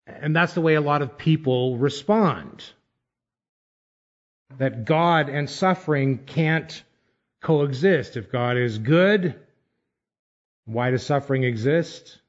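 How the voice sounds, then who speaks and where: A man preaching a sermon, measured and emphatic, pausing deliberately between phrases. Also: medium pitch, highs cut off. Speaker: pastor.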